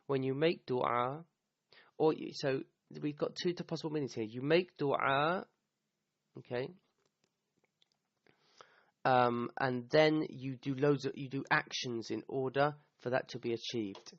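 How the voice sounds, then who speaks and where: A man with a gravelly, mid-pitched voice explains a scripture verse in a relaxed talk. He keeps stopping to restart and checks in with a quick "okay?". The recording is dull and dry, with no room sound. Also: dry recording. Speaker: Quran teacher.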